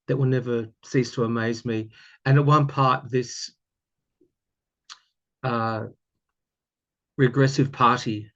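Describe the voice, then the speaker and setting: A man's voice: medium pitch, highs cut off. An Australian man chatting casually to camera, rambling with many fillers and restarts. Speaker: tarot YouTuber.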